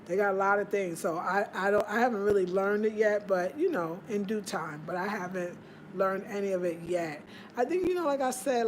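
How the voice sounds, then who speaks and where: A woman hosting a relaxed live stream, talking to her viewers like friends. She is chatty, laughs easily and wanders between topics, in a mid-range voice. A faint hiss of background noise sits under the recording. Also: mid-range voice. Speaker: livestream host. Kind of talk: casual live-stream chat. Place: home in Ghana.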